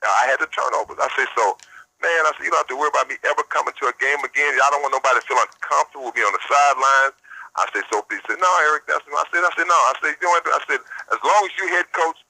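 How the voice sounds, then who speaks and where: Brief: man in his 50s, radio guest, bright edgy husky voice, dry sound, keeps saying "I said". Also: fairly high pitch, rapid-fire, no room sound, poor audio. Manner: animated retelling, repeats "I said" constantly. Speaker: radio show guest, former football player. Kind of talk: phone-in radio interview.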